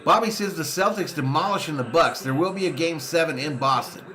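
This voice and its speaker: A man hosting a live fan watch party, calling pitches with excitement and reading viewer comments aloud between plays. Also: a little fast. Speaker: sports fan streamer and watch-party host.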